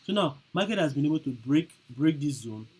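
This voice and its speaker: A man's voice: a little high, animated, a little fast, slightly rough, low-quality recording. A man teaching chart trading over a screen recording, repeating each point and checking in with "okay?" and "right?". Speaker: trading instructor.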